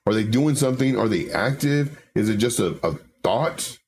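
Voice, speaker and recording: Reading viewer comments aloud between chart analysis, this male livestream host keeps things casual and frequently repeats his words. His mid-range voice is expressive and slightly mellow at a normal speed, and there's a faint hiss or hum.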